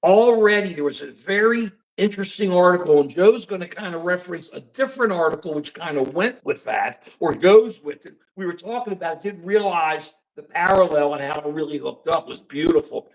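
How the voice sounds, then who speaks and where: Animated, rambling older male host. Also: high-pitched, poor audio. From United States. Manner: animated, rambling, acts out dialogue. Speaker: podcast host. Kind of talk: casual political talk show.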